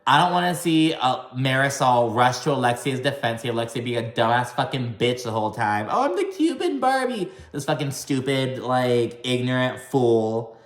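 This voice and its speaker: A man giving a casual, gossipy recap of a reality show. He swears a lot and mimics cast members' lines in high, exaggerated voices. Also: fairly even intonation, normal speed, few pauses, echoey room.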